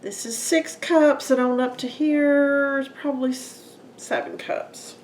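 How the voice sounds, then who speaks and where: High-pitched and steady, this woman speaks a little slowly while hosting a home cooking video and chatting with her guys and folks as she works. Her echoey kitchen is filled with clinking dishes and utensils, and there's a little hiss or hum.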